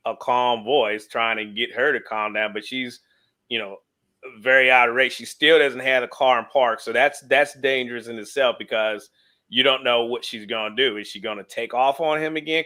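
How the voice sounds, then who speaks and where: A man's voice: mid-range voice, sharp tone. A man co-hosting a casual commentary on a police video, with frequent restarts and fillers. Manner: stammering restarts, many "you know"s. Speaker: co-host.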